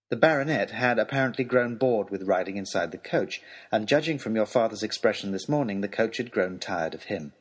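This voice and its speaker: A man's voice: on the low side, husky. A man reading a storybook letter aloud in a wry, dry and polite manner. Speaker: audiobook reader.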